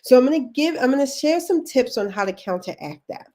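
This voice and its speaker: A woman's voice: sits high, expressive, brisk, darkish tone. A woman with a Baltimore accent giving a chatty, encouraging live-stream coaching talk to her viewers. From Baltimore, United States. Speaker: leadership career coach.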